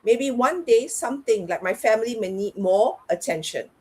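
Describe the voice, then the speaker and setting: A middle-aged woman with a slightly husky, breathy voice speaks as a guest coach. She talks in a candid, reflective way, often voicing her own inner self-talk aloud. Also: a little high, lively intonation, moderate pace, warm tone. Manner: reflective, talks herself through things aloud. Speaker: guest, parenting and life coach. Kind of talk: candid conversational interview.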